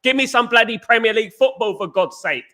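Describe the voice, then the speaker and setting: A man's voice: very high voice, brisk, bright, forceful tone. A young Englishman hosting a live football chat stream, talking animatedly, repeating phrases and greeting viewers. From England. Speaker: host.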